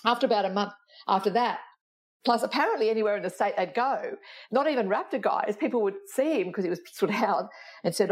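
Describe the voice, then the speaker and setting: A woman's voice: medium pitch, expressive, fast, husky. A woman, a retired police officer, telling anecdotes in a chatty interview, laughing often and restarting sentences. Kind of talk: storytelling interview chat.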